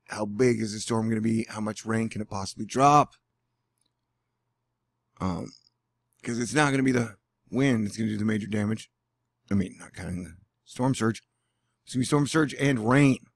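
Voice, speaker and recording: Brief: male vlogger, gravelly, dry close sound, sarcastic and rambling. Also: on the low side, no room sound. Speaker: weather vlogger. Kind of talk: casual vlog commentary. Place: indoors at home.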